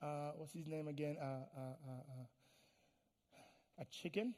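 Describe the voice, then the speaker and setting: A man preaching a sermon as pastor, pleading and repeating phrases, swinging from hushed tones to loud, fiery declarations. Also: fairly high pitch, steady tone, takes it slowly. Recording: long hall reverb.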